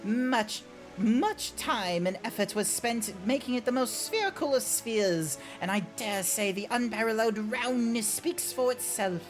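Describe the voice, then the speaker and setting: Fussy posh British game character, lifted pitch, genteel and drawn-out, voiced by a male streamer. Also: lively intonation, soft background music. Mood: prim, genteel. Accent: put-on British. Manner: plummy, drawn-out, overly polite delivery.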